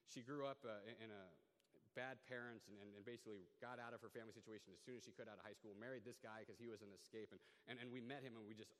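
A young man telling a personal story in an animated way, stumbling over restarts and repeated words. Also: on the low side, fast talker. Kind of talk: personal story told to an audience. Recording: long hall reverb.

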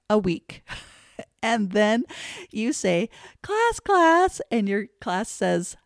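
A woman's voice: mid-range voice, vocal fry, a little mellow, dry recording, studio quality. A woman giving kindergarten teachers classroom tips in a playful manner, breaking into sing-song chants to demonstrate them. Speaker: teacher trainer, podcast host.

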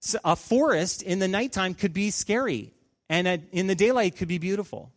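A man in his thirties, a pastor, delivers a sermon in a chatty storytelling way. His voice sits a little high, and it breaks into sudden emphatic bursts on the key points. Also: animated, brisk.

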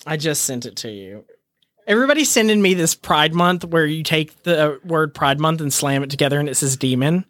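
A man's voice: a little high, lively intonation, fairly quick, a bit bright, no room sound. Guy on a podcast going off about something, dramatic and fed up, laughing through it, dry close sound. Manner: exasperated, dramatic, rants with laughter. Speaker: podcast co-host. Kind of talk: casual podcast chat.

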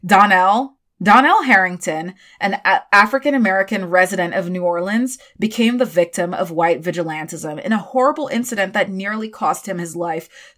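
A woman hosting a history podcast, reading scripted narration broken up by animated, sarcastic asides. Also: fairly low pitch. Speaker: podcast host.

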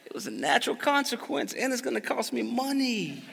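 A pastor telling a family story in a sermon, animated and jokey, moving between hushed asides and loud bursts. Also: male voice, very high voice, a little fast, gravelly, background noise. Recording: long reverb of a large hall.

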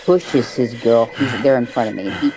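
A woman telling a personal story as a guest storyteller, in a halting casual way with frequent restarts and fillers. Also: rumbling low, crowd noise, poor audio. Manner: halting, with many restarts and "you know"s.

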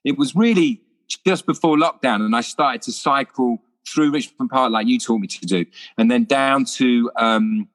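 A man, an actor guest chatting casually and telling lively stories, acting out the voices of others. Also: mid-range voice, normal speed. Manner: lively storyteller, acts out voices. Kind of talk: casual anecdotal chat.

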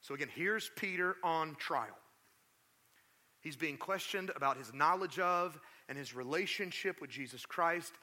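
A male pastor preaching a sermon, telling the story in a lively, conversational way with asides to the congregation. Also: on the high side, measured pace. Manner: animated storytelling, acts out quotes.

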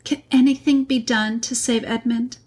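A woman reading aloud, voicing a gentle young girl who is the youngest sister, speaking softly and pleadingly. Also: on the high side, fairly even intonation, normal speed, husky, voice pushed up.

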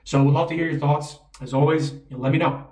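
A man's voice: a little high, fairly even intonation, fast talker, a little mellow. Male coach, echoey and off-mic. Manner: conversational, keeps asking "right?". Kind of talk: spoken coaching talk. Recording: roomy echo, mic at a distance.

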